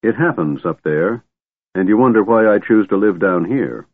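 A man reading a storybook aloud, voicing a gentle, calm middle-aged male mage who speaks kindly. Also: on the low side, moderate pace, dry recording. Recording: tinny phone-like dry sound.

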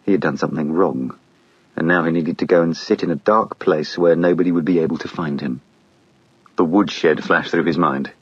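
A man narrating an audiobook in a measured, steady storytelling manner. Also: a bass voice, breathy edge, dry recording, lo-fi sound.

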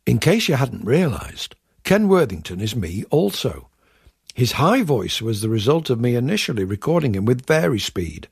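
Brief: wry male radio comedian, confiding monologue, gravelly, bone-dry. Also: mid-range voice, darkish tone, dry recording. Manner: wry, confiding and self-mocking. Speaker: comedian and radio show host. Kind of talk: scripted comic monologue to audience.

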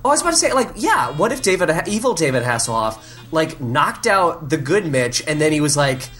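Low-voiced woman, laughing podcast banter. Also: a little fast, soft background music. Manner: laughing, animated, mocking quotes in silly voices. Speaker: podcast co-host. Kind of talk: casual chat reviewing a film.

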